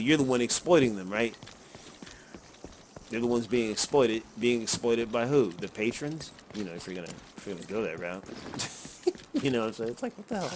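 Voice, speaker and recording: A man giving casual, rambling commentary while he plays, chuckling and swearing freely. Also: medium pitch. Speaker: gameplay commentator. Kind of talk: casual running commentary over gameplay. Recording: noticeable background noise.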